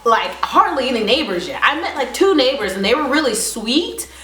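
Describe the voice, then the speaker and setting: A woman vlogger telling a story in a casual, animated way, laughing often. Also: high-pitched, normal speed. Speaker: beauty vlogger. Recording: roomy echo, faint music.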